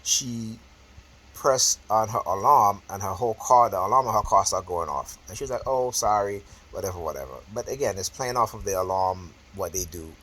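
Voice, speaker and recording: A man's voice: low-pitched, brisk, a bit bright, slightly rough, poor audio. A man vlogging in a casual talk to camera, emphatic and repetitive, checking in often with "right?" and "okay?" and correcting himself as he goes. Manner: restarts and self-corrections, talking off the cuff.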